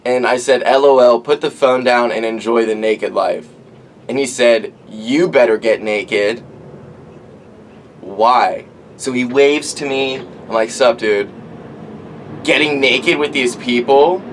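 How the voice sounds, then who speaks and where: A man's voice: medium pitch, slow pace, a little hiss or hum. A young man hosting a casual storytelling monologue outdoors, rambling and profane, full of "like" and acted-out quotes. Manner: rambling, profane, animated, lots of "like". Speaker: podcast host.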